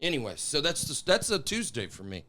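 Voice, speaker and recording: A man who is a stand-up comedian, telling a story as a podcast guest with a regional accent. He acts out the quoted lines with big jumps in pitch and volume, and his tone comes across as aggressive. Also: wildly swooping pitch, fairly quick, bright, forceful tone. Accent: regional accent of his own. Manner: calls his own tone aggressive. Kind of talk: animated comic storytelling.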